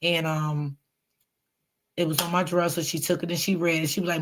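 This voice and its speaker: A middle-aged woman hosting a casual livestream, chatting warmly and reading out viewer comments. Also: fairly low pitch, little pitch movement, moderate pace, noisy background. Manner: chatty, talks straight to viewers. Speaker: livestream host.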